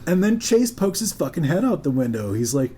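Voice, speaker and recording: A man's voice: on the high side, brisk. A man telling a long story in a casual chat, swearing freely and acting out the voices of the people in it. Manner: profane, animated, acts out the voices of people in his story. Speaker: podcast co-host telling a story.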